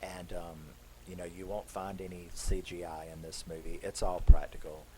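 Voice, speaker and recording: A man's voice: low voice, little pitch movement, moderate pace, dark tone, a little hiss or hum, low-quality recording. A man giving a casual horror film review, recapping the plot in a loose, conversational way.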